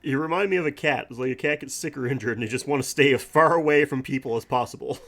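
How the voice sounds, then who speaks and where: A man's voice: medium pitch, fast talker, fairly bright tone. A man co-hosting a podcast, recapping a movie casually with laughs and swearing. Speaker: podcast co-host.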